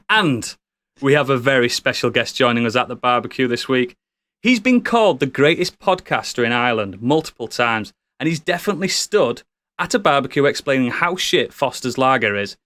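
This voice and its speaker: A man's voice: mid-range voice, lively intonation, moderate pace, a bit bright, dry recording. A man hosting a podcast, giving playful jokey introductions. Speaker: podcast host. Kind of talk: casual chat.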